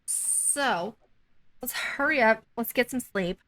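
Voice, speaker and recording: A woman's voice: fairly high pitch, expressive, slow, a bit bright. A woman giving chatty let's-play commentary, peppered with "like" and "um". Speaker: gaming YouTuber.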